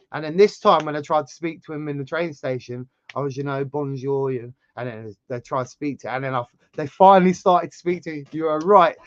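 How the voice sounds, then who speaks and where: An English man with a sore throat, telling a travel story in casual chat as a channel host, animated and rambling. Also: highs cut off. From England. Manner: chatty storyteller, animated swings in pitch and loudness.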